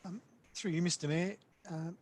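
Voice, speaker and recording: A man giving measured, formal planning advice at a council meeting over a remote call, with many fillers. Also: on the high side, steady tone. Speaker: acting planning manager.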